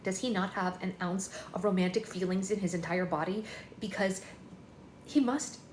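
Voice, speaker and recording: A woman's voice: on the low side, fairly even intonation, normal speed, a little hiss or hum, natural voice. A woman reading the lines of a dramatic, emotional teenage girl in an echoey room, indignant and pleading. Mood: upset.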